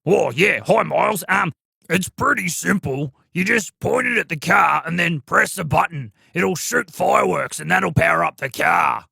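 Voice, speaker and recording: A woman's voice: fairly low pitch, moderate pace, creaky, breathy edge, dry recording, clean studio sound, heavily acted. A woman doing a laid-back chimp on the phone. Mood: relaxed. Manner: relaxed and matter-of-fact.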